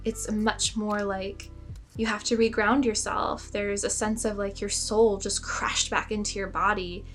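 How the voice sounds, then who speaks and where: A woman's voice: medium pitch, little pitch movement, a little slow, a bit bright, soft background music. A young woman telling a personal story in a casual vlog, chatty and self-mocking, full of "like" fillers. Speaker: spiritual storyteller.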